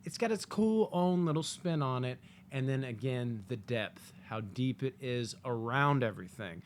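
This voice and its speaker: Animated, foul-mouthed male movie reviewer. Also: mid-range voice, normal speed, a little hiss or hum. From United States. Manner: animated, profane, jokey asides with acted-out quotes. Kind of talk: casual spoken movie review.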